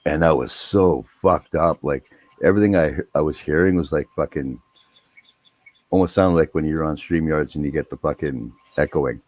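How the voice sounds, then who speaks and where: A man's voice: rumbling low, a little mellow, no echo. A man telling a rambling, profane story in a laid-back casual chat.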